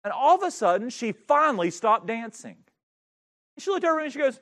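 A pastor spins a lively, self-mocking story from the pulpit. His voice runs high for a man and swings widely as he tells it. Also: brisk. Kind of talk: storytelling sermon.

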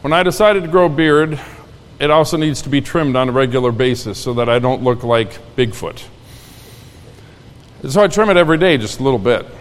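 Earnest preacher in a reverberant church. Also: male voice, mid-range voice, expressive, brisk. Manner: earnest, folksy, repeats key lines. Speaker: pastor. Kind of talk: sermon. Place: church sanctuary.

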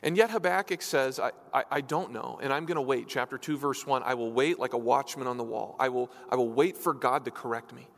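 A man preaching in a church sanctuary, earnest and pleading, his voice rising when he asks questions. His pitch sits in an ordinary middle range. The voice rings with a long reverb that fills the hall. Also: brisk, creaky, hardly any pauses. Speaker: pastor. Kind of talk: sermon.

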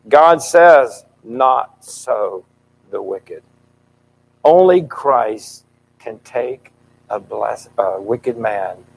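A middle-aged man preaching a sermon in a fervent, emphatic style, his voice swelling loud at key points. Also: mid-range voice, creaky, rough recording.

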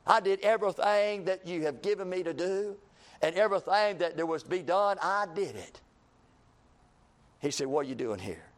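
A man preaching a sermon, reading scripture in an old-fashioned cadence and swinging between impassioned shouts and low, quiet passages. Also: moderate pace. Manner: rising to impassioned shouts, then dropping low.

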